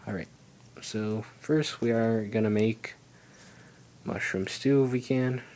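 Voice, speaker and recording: Low-voiced young man chatting through a game. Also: takes it slowly, darkish tone. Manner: rambling, chatty, self-talk while playing. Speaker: gaming channel host. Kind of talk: casual let's play commentary.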